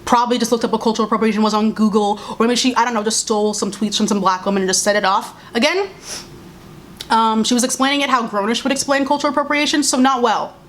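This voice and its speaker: A woman's voice: on the high side, fast, slight background noise. A young woman giving a sarcastic, exasperated casual commentary rant as a video creator, talking to the camera at home. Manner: exasperated, sarcastic, animated, with mocking voices and laughs.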